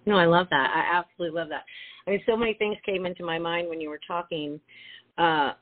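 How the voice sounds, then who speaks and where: A woman's voice: fairly low pitch, fairly even intonation, fast talker. A woman hosting a casual talk show, speaking in an affirming, reflective way. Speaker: host. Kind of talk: casual podcast chat. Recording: tinny phone-like line.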